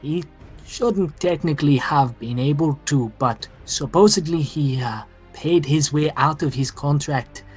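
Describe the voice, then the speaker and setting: A man's voice: a little high, measured pace, darkish tone, breathy edge, soft background music. A man voicing a nervous, frantic male tavern keeper who stammers and hesitates.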